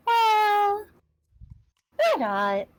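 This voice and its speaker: A woman taking part in a tabletop game, with a high and bright voice. She talks slowly in an offhand, dry manner and laughs often. The recording is close and dry. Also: dry recording, poor audio. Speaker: player.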